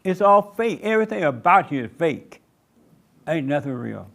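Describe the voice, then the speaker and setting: A man preaching a sermon to a small congregation in a church meeting room. He repeats short commands emphatically and slows down to stretch words for emphasis. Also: a little high, sing-song, vocal fry, a bit bright. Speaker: pastor.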